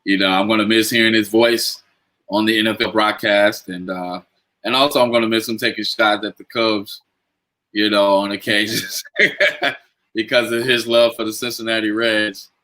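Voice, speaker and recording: A man's voice: lowish voice, steady tone, moderate pace, sharp tone, rough recording. A man on a sports talk show, speaking hesitantly with many fillers. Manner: hesitant, full of "uh" and "you know".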